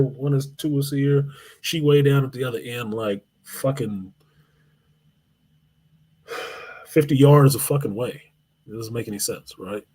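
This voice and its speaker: A man hosting a live show, telling a long, profane story in an animated way. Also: mid-range voice, slightly rough. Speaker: host.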